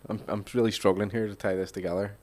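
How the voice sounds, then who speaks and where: A man's voice: fairly low pitch, level tone, fast, darkish tone. A male poet chatting on a theatre stage, joking and hesitant, often restarting. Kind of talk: casual chat at a literary reading.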